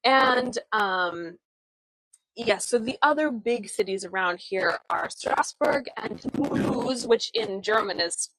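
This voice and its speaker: Slow-talking chatty woman tour guide. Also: mid-range voice, animated, fairly bright tone, no echo, poor audio. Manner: chatty, friendly, many fillers and restarts; laughs often at herself. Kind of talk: live virtual walking tour. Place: outdoors on town streets.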